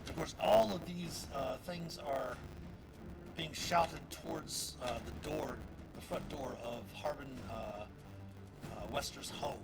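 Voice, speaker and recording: Gravelly game master with halting narration. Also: male voice, a little high, low-quality recording. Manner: halting narration with many fillers. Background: background music.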